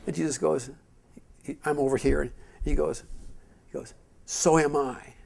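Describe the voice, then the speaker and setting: A middle-aged man leads a Christian teaching session in a loose, conversational way, often restarting his sentences. His voice sits a little high and has a rough, gravelly fry. He tells his stories with energy and acts out what people said. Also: moderate pace. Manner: animated storyteller who acts out quotes in a raised voice; rambling and conversational, with frequent restarts. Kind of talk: informal teaching with storytelling.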